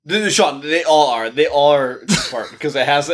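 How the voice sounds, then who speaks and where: A man's voice: a little high, animated, normal speed, a bit bright. A man co-hosting a horror film podcast, joking and laughing in profane banter. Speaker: podcast co-host. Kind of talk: casual film podcast chat.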